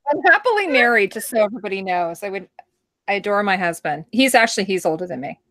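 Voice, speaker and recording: A woman's voice: mid-range voice, very animated, fast, a bit bright, no echo, studio quality. A middle-aged woman hosting a casual live-stream chat, laughing often and reading out viewer comments. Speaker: host.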